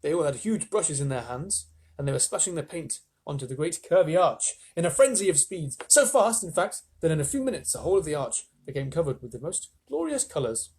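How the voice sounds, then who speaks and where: A man reading a children's storybook aloud to live listeners, animated, with chatty asides. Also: a little high, a little fast, slightly rough.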